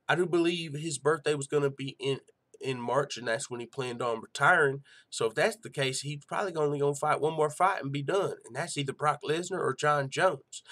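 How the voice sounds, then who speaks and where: A young man hosts a live MMA news stream, reading viewer comments and chatting in a loose, slangy, profane way, frequently saying "you know what I'm saying". His voice is fairly high and fairly bright.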